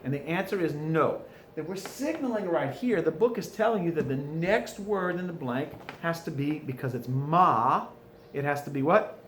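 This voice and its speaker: A man with a South Louisiana accent teaching French, going over answers and asking questions he answers himself. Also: fairly high pitch. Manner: patient, asks questions and answers them himself. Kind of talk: recorded classroom lesson going over answers. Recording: echoey room, faint ambient noise.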